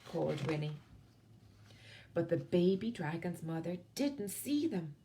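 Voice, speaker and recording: A woman with an Irish accent reading a picture book aloud to children as a library storyteller, expressive and soft on the tag lines. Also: medium pitch.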